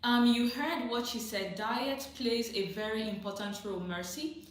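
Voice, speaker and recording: With a fairly high pitch and a slightly slow pace, a woman runs a casual livestream where she reads viewers' questions out loud and answers them plainly. She frequently laughs and says her advice again for emphasis; the sound comes from a phone or computer mic in a very echoey room.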